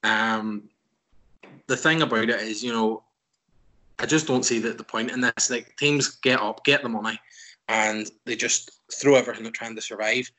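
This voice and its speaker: Bright-voiced man giving opinions. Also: medium pitch, normal speed, rough recording. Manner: opinionated, talks in long run-on answers. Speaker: podcast guest, football fan. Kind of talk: casual chat.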